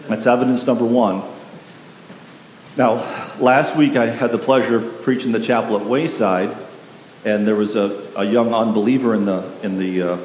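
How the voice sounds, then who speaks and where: A man's voice: fairly low pitch, a little mellow. A man preaches from a church pulpit, pressing his points hard and checking in with the congregation. His voice rings through a large, reverberant hall with a faint hiss in the background. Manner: emphatic, repetitive, asks the congregation questions. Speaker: pastor. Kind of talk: sermon. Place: church sanctuary.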